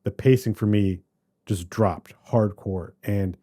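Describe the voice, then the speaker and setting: A man co-hosting a podcast, chatting casually about a movie in a rambling, animated way that keeps trailing off and restarting. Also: fairly low pitch, takes it slowly. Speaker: podcast co-host. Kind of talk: casual movie review chat.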